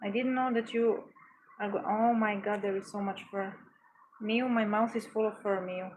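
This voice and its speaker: A woman's voice: medium pitch, fairly even intonation, moderate pace, darkish tone, a little hiss or hum, rough recording. A woman vlogging at home, chatting casually and cooing affectionately to her cat while she works. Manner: cooing, affectionate pet talk.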